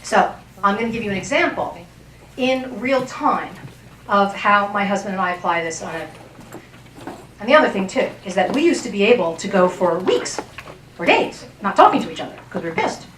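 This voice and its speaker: A woman's voice: mid-range voice, lively intonation, normal speed, fairly bright tone, recorded from a distance, slight background noise. A woman relationship coach giving a workshop talk to an audience in a chatty way, often checking in with her listeners. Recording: roomy sound from off-mic.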